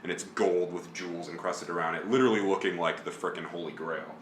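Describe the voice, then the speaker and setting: A man's voice: deep voice, quick pace, fairly bright tone, slight background noise. A man narrating a tabletop role-playing game as game master, rambling with lots of fillers and vivid description. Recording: roomy echo, faint music behind.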